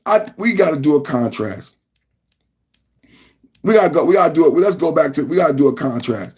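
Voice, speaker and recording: A man hosting a podcast, reacting to a clip with indignant, repetitive commentary that rises to shouting. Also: a little high, lively intonation, moderate pace, pauses often, slightly rough. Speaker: podcast host.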